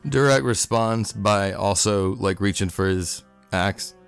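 A man's voice: on the low side, slow pace, creaky, clean tone, faint music behind. A man playing a tabletop game, describing his character's actions casually with many fillers. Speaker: player.

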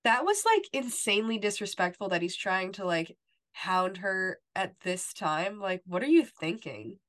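A woman with a mid-range, somewhat bright and expressive voice speaks a little slowly. She co-hosts a podcast, casually recapping a TV episode and filling her talk with "like" and "you know."

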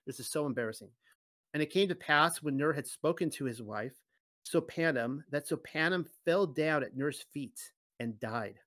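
A man's voice: fairly high pitch, moderate pace, fairly bright tone, no echo. A man reading a scripture passage aloud as a Bible teacher and breaking off into conversational comments. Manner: conversational asides between readings.

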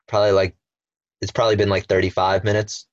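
Brief: young host, lowish voice, relaxed and halting, muffled dry mic. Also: male voice, dry recording. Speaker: podcast host. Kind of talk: casual chat. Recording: dull, dry mic sound.

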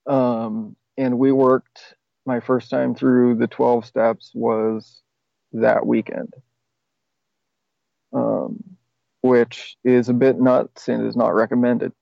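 Taking it slowly, a podcast guest with a gravelly mid-range voice and little pitch movement tells his recovery story candidly. He rambles casually, swears, and laughs at himself; the audio is dry, slightly dull, and echo-free.

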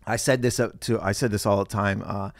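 Low-voiced man telling stories, dry sound. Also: steady tone, a little fast, gravelly, no room sound. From Canada. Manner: rambling storytelling with frequent restarts. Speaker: comedian and podcast host. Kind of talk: casual chat.

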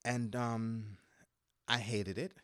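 A middle-aged man telling stories in a casual conversation, lively and laughing, often jumping up in pitch to act out other people's voices. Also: takes it slowly, dry recording, studio quality. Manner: lively, acts out quoted voices with sudden high pitch jumps, laughs mid-sentence. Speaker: guest, former model turned stylist.

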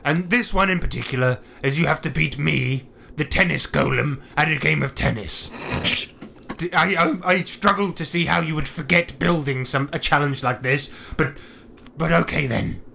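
A man narrating a tabletop game as game master, playful and excitable. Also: a little high, moderate pace, vocal fry, a little hiss or hum.

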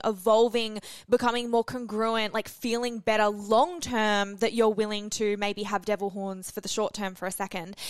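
Woman, podcast host, casual chat, candid, swears freely, smooth voice, dry close sound. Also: mid-range voice, dry recording.

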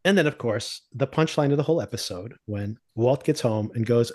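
Podcast host, male, mid-pitched, animated, laughs a lot while recapping; acts out quotes. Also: fairly quick, hardly any pauses. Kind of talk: casual TV recap chat.

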